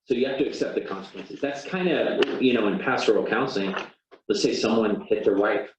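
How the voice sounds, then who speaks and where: A low-voiced man lectures to a class in an easy, chatty way and acts out little sample apologies as he goes. He is recorded from across a roomy classroom with a dull, muffled sound. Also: fairly quick, distant mic, noisy background. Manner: conversational, acts out sample apologies, many "you know"s. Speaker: teacher.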